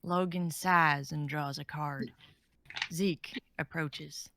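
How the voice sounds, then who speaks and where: A woman's voice: deep voice, fairly even intonation, takes it slowly, heavy background noise. A woman voicing a drawling Southern cowboy narrator, reading stage directions in a put-on Southern accent.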